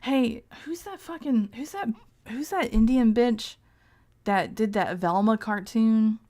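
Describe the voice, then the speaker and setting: A woman's voice: on the high side, takes it slowly, mellow. A woman streamer reading text aloud in casual live-stream commentary, breaking off into crude, joking asides and frequent laughs. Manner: laughs often.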